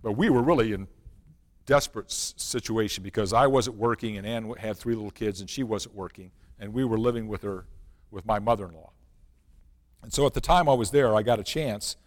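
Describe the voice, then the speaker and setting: A male pastor preaching a sermon built around a personal story, swinging from loud, animated passages to hushed, quiet ones. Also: lowish voice, fairly quick. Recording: long reverb of a large hall.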